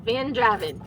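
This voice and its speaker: Slow-talking woman in a noisy car. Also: high voice. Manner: coos and baby-talks to her dogs. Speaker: vlogger. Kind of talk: casual vlog chat. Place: inside a parked vehicle. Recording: loud vehicle noise behind.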